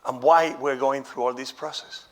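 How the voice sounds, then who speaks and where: A man's voice: mid-range voice, steady tone, moderate pace. A man whose first language is not English, a chef giving a live cooking demonstration lecture with showman flair and a candid, chatty tone. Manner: showman-like, exclaiming, then candid and conversational.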